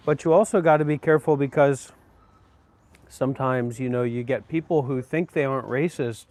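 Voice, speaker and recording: A man's voice: mid-range voice, normal speed, darkish tone. A man joking crudely in a put-on Australian accent, mock-boastful and swearing through a travel vlog. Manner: crude, swearing, ironic bravado. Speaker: vlogger. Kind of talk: comedic travel vlog monologue.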